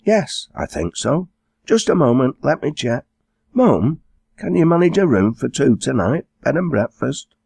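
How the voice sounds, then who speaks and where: Cheeky teen farm girl, quick and teasing, pitched way up, as a male narrator puts her on, a bit husky. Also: big pitch swings, darkish tone, dry recording, clean studio sound, full character voice. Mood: bright.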